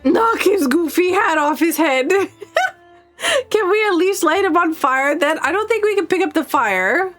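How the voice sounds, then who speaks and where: A woman streamer talking over her gameplay, high-pitched and wildly animated. She exclaims and gasps often, with faint music underneath. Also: a little slow. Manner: excitable, gasping and exclaiming. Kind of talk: live game commentary.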